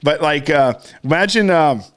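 A man co-hosting a podcast, laid-back and quick to laugh. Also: a little high, lively intonation, a bit bright. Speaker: podcast co-host. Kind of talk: casual chat.

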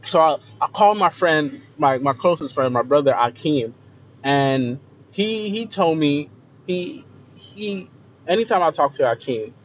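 A young man telling a personal story in a confessional way, repeating himself and often trailing off softly, on a dull lo-fi recording. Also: fairly high pitch, animated, a little slow. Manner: emotional, repeats phrases, voice trails off quieter. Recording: slightly dull lo-fi recording with faint noise.

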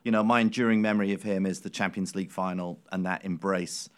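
Male football podcast co-host, low voice, earnest and admiring, casual chat. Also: fairly even intonation, fast talker.

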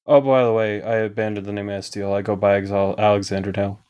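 A man playing a tabletop role-playing game, speaking in character in a plain, measured way. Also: lowish voice, flat delivery, darkish tone, smooth, lo-fi sound. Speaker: player.

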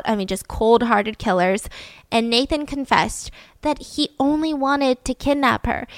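A woman's voice: a little high, fairly bright tone, no echo. Chatty woman telling a crime story. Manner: chatty, emphatic, full of "like". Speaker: podcast host. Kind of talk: casual true-crime storytelling.

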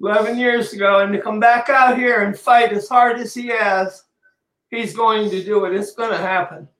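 Man, high voice, earnest, halting, repeats himself, echoey room. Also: steady tone, a bit bright. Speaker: guest, co-host's husband. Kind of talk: casual encouraging speech.

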